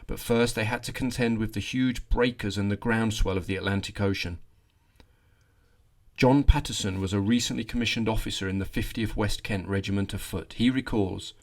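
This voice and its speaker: A male history podcast host telling a scripted war story. His voice sits on the lower side, and he livens the reading with dry little asides. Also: normal speed. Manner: lively storytelling with wry asides.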